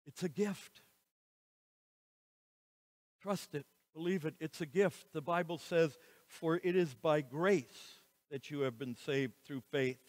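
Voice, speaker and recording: A man preaching a sermon as pastor, slow and emphatic, with dramatic rises and falls in his voice. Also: fairly high pitch. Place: church sanctuary. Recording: reverberant church hall.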